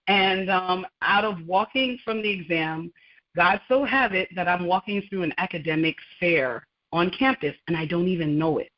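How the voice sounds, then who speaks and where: A woman's voice: on the low side, normal speed. A woman guest on a radio interview, telling her story with animation, laughing often and acting out dialogue. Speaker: guest, laboratory scientist. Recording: muffled lo-fi sound.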